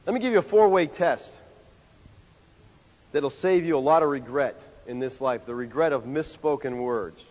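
A male pastor preaching a sermon in a conversational, animated way, full of rhetorical questions. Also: medium pitch, normal speed. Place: church sanctuary. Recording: dull sound with long hall reverb.

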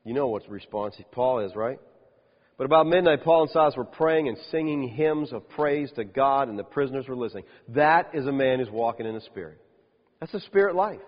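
A man preaching a sermon as a pastor, lively, with rhetorical questions and dry humorous asides. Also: mid-range voice, brisk. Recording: dull lo-fi sound with long reverb.

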